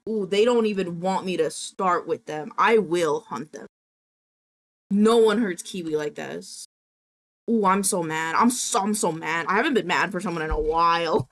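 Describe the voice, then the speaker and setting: A young woman streaming from her home setup, her voice sitting at an everyday middle pitch. She talks casually to her chat, ranting with fired-up indignation and plenty of swearing. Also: normal speed, a bit bright.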